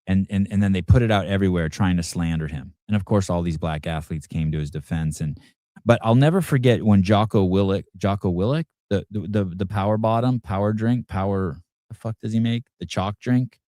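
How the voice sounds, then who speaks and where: A man's voice: low-pitched, brisk, warm tone, no echo, studio quality. A man hosting a show, giving casual reaction commentary in a combative, profane rant aimed at his audience and producer. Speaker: podcast host.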